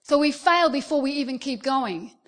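Delivering a sermon at normal speed, a middle-aged Australian woman preaches in a high voice. She tells energetic stories and slips into the voices of the people she describes, acting out what they say.

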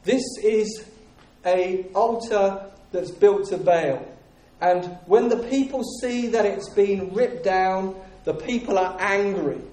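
A man's voice: high-pitched, takes it slowly, a little mellow. A man preaching a sermon in an emphatic style, hammering home his points through repetition. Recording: echoey room.

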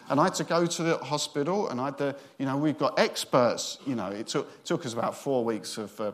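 A middle-aged man, a senior minister giving a sermon in a chatty, joking storytelling way. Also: on the high side.

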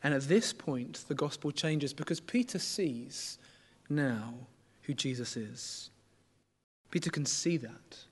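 A man's voice: mid-range voice, expressive, takes it slowly, breathy edge. A middle-aged man preaching a sermon in a conversational way, often asking the congregation questions.

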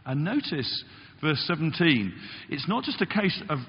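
A male pastor delivers a sermon with a lively, swooping delivery, sometimes acting out the voices he quotes. The sound is slightly dull and carries a long church reverb. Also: moderate pace. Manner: animated, acts out quotes with big pitch jumps. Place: church hall.

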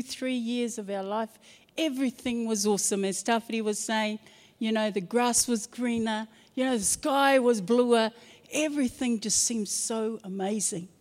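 A middle-aged woman, telling a personal story in an earnest, expressive way. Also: fairly high pitch, in a large hall. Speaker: guest sharing her testimony.

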